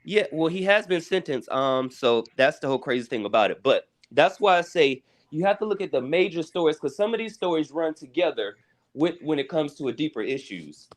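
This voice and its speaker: A man's voice: on the high side, expressive, fairly quick. A man calling in to a live stream who explains gossip at length. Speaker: caller. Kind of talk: call-in chat.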